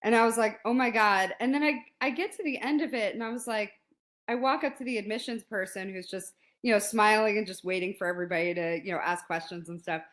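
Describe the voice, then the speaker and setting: Animated woman telling a story. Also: medium pitch, fast. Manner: animated, laughs often, acts out quotes. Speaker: guest. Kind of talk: casual storytelling.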